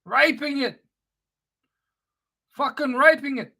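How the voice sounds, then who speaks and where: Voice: high voice, slow, gravelly, pushed and bright. A speaker delivering an angry, profane, sneering spoken-word rant.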